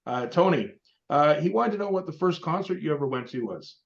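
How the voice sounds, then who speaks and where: A man's voice: a little high, animated, brisk, gravelly. A man hosting an interview, politely wrapping up and reading out listener questions. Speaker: interview host. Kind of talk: casual interview. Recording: roomy, dull, distant mic.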